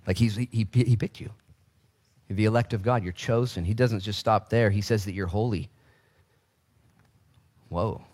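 A man's voice: on the low side, a little mellow. A man in his thirties preaching a sermon as pastor, with joking asides and acted-out voices.

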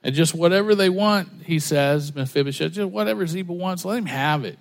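A man's voice: high-pitched, fairly quick, creaky. A man preaching a conversational sermon, folksy and full of stories and rhetorical questions. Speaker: pastor.

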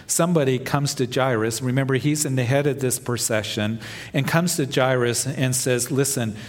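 Male pastor, mid-pitched voice, sermon delivery with dramatic swells, church hall reverb. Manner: preaching with rising emphasis and soft dramatic drops. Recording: long reverb of a large hall.

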